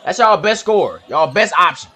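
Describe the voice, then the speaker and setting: Young man, high voice, swings up and down a lot, casual reaction talk. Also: normal speed. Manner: excitable, slangy, laughs often. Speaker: reaction video host.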